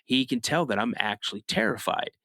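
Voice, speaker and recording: Animated male podcast guest telling a story. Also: mid-range voice, fairly quick, gravelly, dry recording, studio quality. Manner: animated storyteller, rises sharply when acting out his younger self shouting; frequent restarts and "you know" asides. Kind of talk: casual first-person storytelling.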